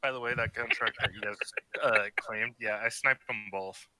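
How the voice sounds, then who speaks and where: A man's voice: fairly low pitch, fairly even intonation, moderate pace, very noisy. A man in casual voice chat, offhand and a little smug about his sniping. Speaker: gamer, squad sniper.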